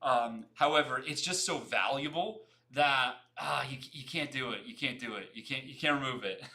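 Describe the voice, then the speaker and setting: A young man hosting a casual livestream, talking fast, repeating himself and greeting viewers by name as he chats. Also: medium pitch, bright, forceful tone. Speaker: livestream host.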